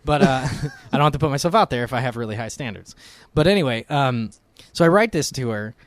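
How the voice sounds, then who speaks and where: A man co-hosting a casual podcast, spinning loose, profane stories and slipping into voices as he goes. His voice sits mid-pitched, recorded dry on a close mic. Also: animated, brisk, dry recording. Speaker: podcast co-host.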